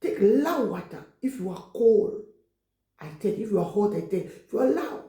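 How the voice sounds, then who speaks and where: A woman giving an informal exhortation, repeating herself, leaning on "you see" and breaking into loud prayer. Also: mid-range voice, animated, normal speed, reverberant, poor audio. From Cameroon. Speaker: exhortation speaker.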